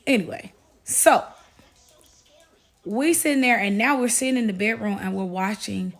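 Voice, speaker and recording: Young woman doing a testimony vlog, animated, talking right to viewers, middle pitch. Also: moderate pace. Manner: animated, talks straight to viewers, keeps insisting she is not kidding. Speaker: Christian testimony vlogger. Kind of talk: casual spoken testimony to viewers.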